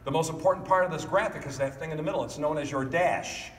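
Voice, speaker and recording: A middle-aged man giving a motivational keynote speech, animated, acting out family members in quick voices. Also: on the high side. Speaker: keynote speaker. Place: large hall. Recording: echoey hall from far off.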